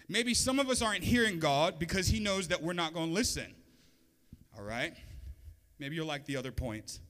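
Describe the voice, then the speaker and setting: A man's voice: high-pitched, a bit bright, big-room sound. A male pastor giving a sermon in a conversational preaching style, with joking asides to the congregation.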